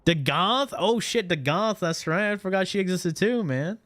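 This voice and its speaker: A man's voice: sits high, animated, moderate pace, a bit bright, no echo. A man streaming a game, cracking crude jokes and rambling with repeated words. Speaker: gaming streamer. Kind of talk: live game commentary.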